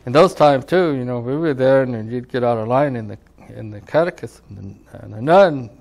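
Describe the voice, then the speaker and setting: An older man from California, a tribal elder, tells his life story in a rambling oral-history interview, speaking at normal speed in a mid-range, gravelly, darkish voice. He keeps saying "you know" and acts out the voices of people he quotes.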